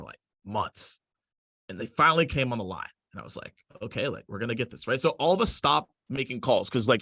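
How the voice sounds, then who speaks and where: A man's voice: a little high, creaky, fairly bright tone, no echo, clean studio sound. A male guest and company founder, telling a story energetically, laughing often and acting out voices. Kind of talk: animated storytelling.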